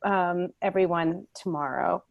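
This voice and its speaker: A woman taking part in a group training call, speaking in a friendly, clear way about what she wants. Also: on the low side, unhurried, no room sound, highs cut off. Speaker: training participant. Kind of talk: group video call sharing.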